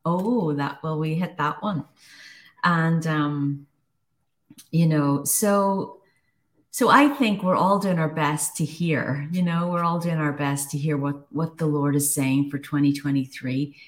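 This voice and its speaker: A woman co-hosting a podcast, reflecting on faith in a thoughtful, halting way with frequent restarts. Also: low voice. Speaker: podcast co-host.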